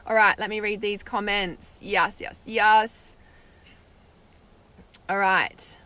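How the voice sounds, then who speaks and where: A woman's voice: medium pitch, steady tone, takes it slowly, pushed and bright. A young woman, hosting a spiritual livestream and chatting casually as she reads viewer comments, with lots of "like" and "right?". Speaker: spiritual meditation host reading live comments.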